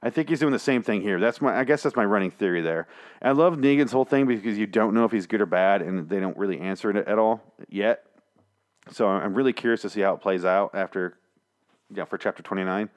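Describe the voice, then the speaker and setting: A man with a fairly low pitch talks at a quick pace while hosting a solo podcast in a small studio. Using headphones and a studio mic, he gives a casual, rambling recap that's jokey and full of swearing.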